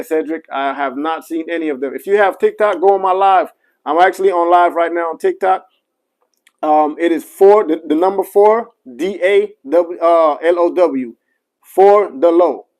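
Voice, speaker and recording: A man's voice: fairly high pitch, vocal fry, darkish tone, low-quality recording. A man, a barber, chatting casually on a live stream and talking straight to his viewers, with many apologetic asides and fillers. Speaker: barber reviewing clippers.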